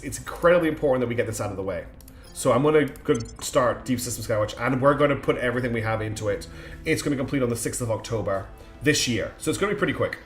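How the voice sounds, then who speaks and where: A man with a mixed British accent that carries Scottish and Australian traces. He gives live game commentary, thinking aloud with many fillers. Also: medium pitch. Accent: mixed British English with Scottish and Australian traces. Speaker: streamer.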